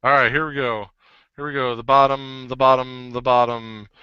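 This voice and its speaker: A man's voice: medium pitch, level tone, moderate pace, clear, resonant tone, dry recording, muffled recording. A man co-hosting a casual podcast, reading out nominees and joking as he stumbles over the words. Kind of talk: casual chat.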